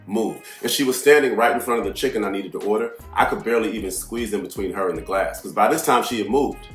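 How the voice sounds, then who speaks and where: A brash, foul-mouthed man tells a long story at the mic, swinging from low asides into loud, heated outbursts. His voice sits on the lower side and rings in an echoey room. Faint music plays underneath. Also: quick pace. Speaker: astrology channel host. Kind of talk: casual storytelling monologue.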